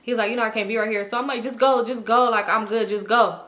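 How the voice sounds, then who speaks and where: A young adult woman, telling a personal story casually and acting out quoted lines with sudden jumps in pitch. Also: fast. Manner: animated, acts out quotes with big pitch jumps. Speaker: storytime vlogger.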